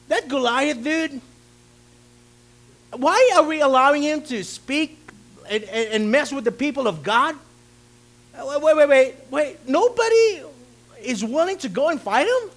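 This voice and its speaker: A male pastor preaching a lively sermon, acting out the story's characters and calling out questions to his congregation. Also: extremely high pitch, normal speed. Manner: theatrical, asks the congregation questions. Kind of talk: animated sermon with acted-out voices.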